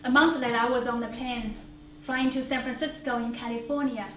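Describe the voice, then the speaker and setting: A woman's voice: on the high side, steady tone, a little fast, a bit bright. Woman telling her story onstage. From China. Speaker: solo stage performer. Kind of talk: one-woman theater monologue. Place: small theater stage before an audience. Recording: roomy theater, distant mic, faint hiss.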